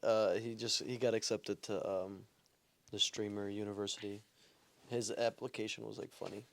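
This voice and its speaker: A man's voice: lowish voice, little pitch movement, moderate pace, gravelly. A young man co-hosting a podcast, chatting in a laid-back way with short interjections. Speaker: podcast co-host. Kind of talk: casual chat.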